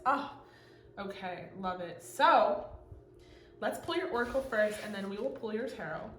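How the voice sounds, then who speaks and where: An excitable woman hosts a casual pick-a-card tarot reading, gushing over each card and swearing now and then. Her voice sits at an ordinary middle pitch. The room around her is echoey, with a faint hum of ambient noise behind her. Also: a little slow. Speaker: tarot reader.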